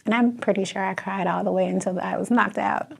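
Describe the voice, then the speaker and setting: Chicago-accented woman, talk guest, heartfelt storyteller with a gravelly edge. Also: medium pitch, fairly quick. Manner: expressive storyteller, laughs and tears up. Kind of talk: emotional personal story.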